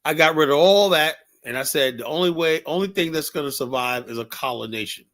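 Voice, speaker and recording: A man's voice: on the high side, a little fast, fairly bright tone. A man hosting a livestream show, talking bluntly and rambling, with lots of "you know". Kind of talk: casual livestream commentary.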